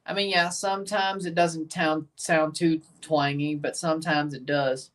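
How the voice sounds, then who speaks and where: A man's voice: on the high side, level tone, measured pace, fairly bright tone, far from the mic. A man with a Southern accent streaming live match reactions, chatting with viewers and exclaiming at plays. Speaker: watchalong streamer.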